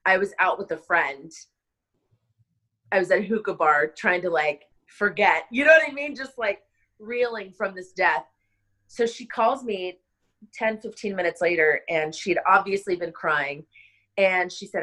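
A woman wedding planner, middle-aged, telling a personal story in a casual interview, emotional and halting, with many restarts and fillers. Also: mid-range voice, fairly bright tone, poor audio.

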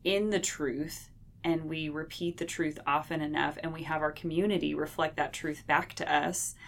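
A woman with a very low voice and an even, flat delivery. She talks in a calm, reflective and reassuring way, steady from phrase to phrase. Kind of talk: reflective conversational teaching.

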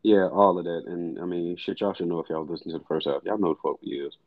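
Deep-voiced, foul-mouthed male podcast host. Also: fast, no echo, narrow, tinny audio. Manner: blunt and profane, emphatic. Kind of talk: casual music chat.

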